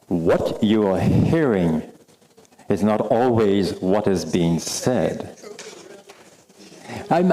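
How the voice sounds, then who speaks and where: A man with a Bahamian accent presenting a workshop to a live audience, animated and teasing, repeating phrases for emphasis. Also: fairly low pitch, a little hiss or hum, rough recording. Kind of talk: interactive workshop talk. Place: meeting room with live audience.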